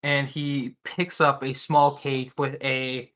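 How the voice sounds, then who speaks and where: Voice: medium pitch, flat delivery, slow, fairly bright tone, a little hiss or hum. A game master narrating a tabletop game in a hesitant way, with many ums and restarts.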